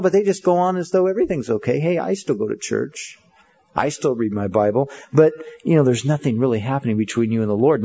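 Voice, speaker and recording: A man's voice: fairly high pitch, dark tone, husky, highs cut off. A man preaching a sermon in an earnest, conversational way, with many fillers. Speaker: pastor.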